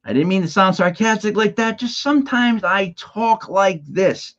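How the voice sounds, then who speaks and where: A man's voice: high voice, normal speed, a bit bright, muffled recording. A man hosting a casual sports podcast, talking in an emphatic, conversational way and sometimes repeating words as he starts a sentence. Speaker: podcast host.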